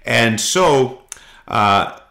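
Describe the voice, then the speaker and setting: A middle-aged man hosting a casual podcast, telling rambling anecdotes full of halting fillers. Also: medium pitch, expressive, vocal fry, bright, forceful tone. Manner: rambling storyteller, frequent halting fillers, does voices in anecdotes. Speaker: podcast host.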